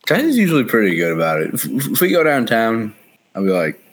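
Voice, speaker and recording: Low-voiced guy in his 30s, rambly storyteller, laughs a lot, cusses. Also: sing-song, a little fast. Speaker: friend chatting. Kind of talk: casual chat.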